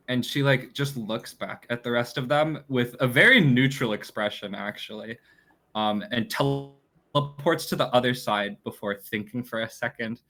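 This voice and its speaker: A man describing his character's actions as a player in a tabletop game, halting and casual with many fillers. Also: on the low side, pushed and bright.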